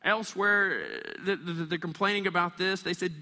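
A man preaching a sermon, animated and storytelling, acting out the voices of the people in the story. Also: fairly high pitch, brisk, hardly any pauses, big-room sound. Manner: animated, acts out voices of complaining people and kids. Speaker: pastor.

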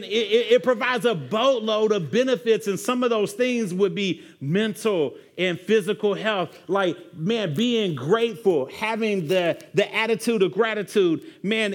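A man preaching a sermon in a casual, conversational way, saying "man" over and over. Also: high voice. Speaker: pastor.

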